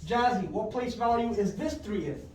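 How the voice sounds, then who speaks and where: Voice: medium pitch, lively intonation, normal speed, a little mellow, distant mic. Teacher in a roomy classroom, heard from afar. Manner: patient, repeats questions and checks with "right?"; calls on pupils by name and praises answers. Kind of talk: fifth-grade math lesson.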